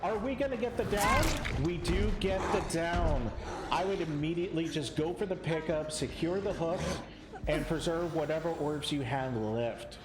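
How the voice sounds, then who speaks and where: A young man casting a competitive video game live, excitable, sometimes stumbling over his words. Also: on the high side, normal speed, roomy sound, noisy background. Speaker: esports caster.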